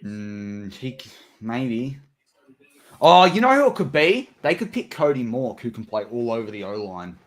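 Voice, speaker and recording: An Australian man chatting on a live stream, weighing up options as he talks. His pitch jumps around freely, giving his voice an animated lilt. The tone is relaxed and conversational. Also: measured pace. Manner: animated, musing out loud about draft picks. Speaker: co-host of a draft watch-party stream. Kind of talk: casual live-stream chat.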